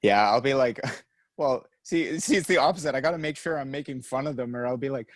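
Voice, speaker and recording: Talking fast in a mid-range voice, this young podcast co-host laughs a lot as he spins meandering stories during relaxed conversation. There's no room sound on the recording.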